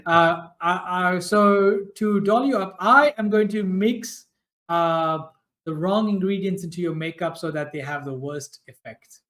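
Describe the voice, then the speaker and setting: A man with a voice slightly higher than most men talks through a duet tabletop game. He plays the guardian with a teasing, scheming manner. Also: measured pace, a bit bright. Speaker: player.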